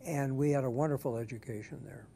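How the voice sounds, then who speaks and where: An older man being interviewed for an oral history, speaking in a measured, thoughtful way with frequent restarts. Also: mid-range voice, mellow, a little hiss or hum.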